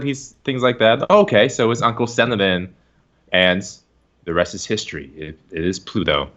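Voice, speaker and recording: A man hosting a casual podcast chat, rambling and excitable, often laughing. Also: medium pitch, normal speed. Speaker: podcast host. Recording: dull lo-fi stream recording.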